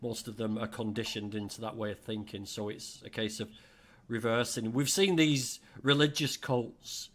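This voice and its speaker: A man's voice: lowish voice, steady tone, normal speed, a bit bright. A middle-aged man from England hosting a livestream, chatting casually and reading out viewer comments with jokey asides. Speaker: livestream host.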